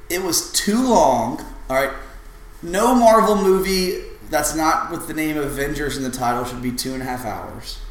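A man's voice: fairly high pitch, moderate pace, echoey room, low-quality recording. A young man co-hosting a casual chat, opinionated and blunt, swearing freely. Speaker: podcast co-host.

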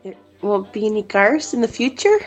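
A woman doing a comedic impression of a folksy, boastful female politician, with a drawn-out, giggly delivery. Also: mid-range voice, sing-song, faint music behind.

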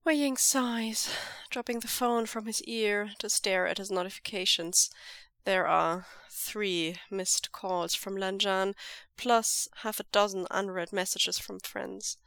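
A woman's voice: medium pitch, steady tone, slow, vocal fry, fairly bright tone, no echo. Woman reading fiction in a dry, close voice. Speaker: podfic reader. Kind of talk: scripted narration of fan fiction.

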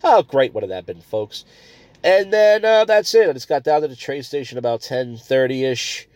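A man's voice: medium pitch, lively intonation, normal speed, a little mellow, no echo. A man hosting a comedy podcast, ranting crudely and rambling between stories. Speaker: podcast host.

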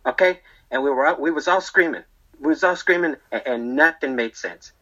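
A man's voice: on the high side, normal speed, pushed and bright, muffled recording. A man playing a rambling, defensive barber in prison who tells his story in a comedy monologue and keeps tagging his lines with "okay?" and "right?". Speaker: storyteller being interviewed.

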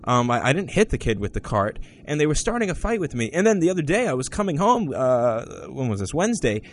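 A man hosting a talk podcast, rambling through stories with many restarts and sudden upward jumps in pitch. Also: sing-song, fairly quick, a little hiss or hum. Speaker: podcast host. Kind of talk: casual opinion talk.

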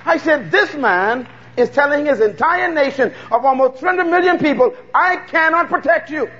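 A man's voice: very high-pitched, expressive, normal speed, sharp tone, long reverb tail, dull audio. A Bahamian man preaching a fervent sermon, calling out to the congregation for responses.

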